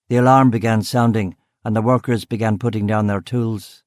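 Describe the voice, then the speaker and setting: A man narrating a crime novel in the first person, steady and measured. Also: lowish voice, no echo, studio quality. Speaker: audiobook narrator.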